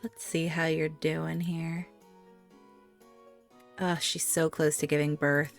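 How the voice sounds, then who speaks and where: A woman talks through her game at an unhurried pace, her voice sitting a little low. She chats to her characters and coos over the farm animals. Soft music plays faintly behind her. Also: flat delivery, vocal fry. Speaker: gaming YouTuber. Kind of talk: casual let's-play commentary.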